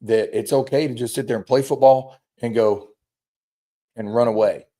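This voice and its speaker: A man, a high school football coach, chatting casually and telling rambling stories with acted-out quotes. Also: steady tone, normal speed, warm tone. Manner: rambling storyteller, acts out quotes. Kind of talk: casual chat.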